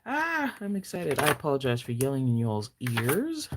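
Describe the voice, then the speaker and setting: A woman with a Nigerian accent chatting casually on a live stream, excitable, gasping and teasing her viewers playfully. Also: extremely low pitch, moderate pace, few pauses, background noise. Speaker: planner vlogger.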